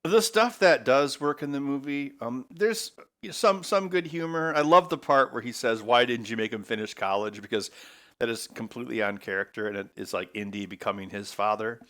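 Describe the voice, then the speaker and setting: A man's voice: medium pitch, normal speed, fairly bright tone. A man hosting his own channel, giving a casual, rambling movie review and acting out quotes in mock voices. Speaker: host.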